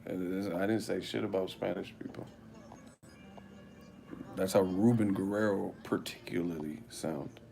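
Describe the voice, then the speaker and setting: A man hosting a casual live stream, telling a story with lots of swearing and loud impressions of others. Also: sits low, unhurried, creaky, pauses often, soft background music. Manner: animated storytelling, swearing, loud put-on voices.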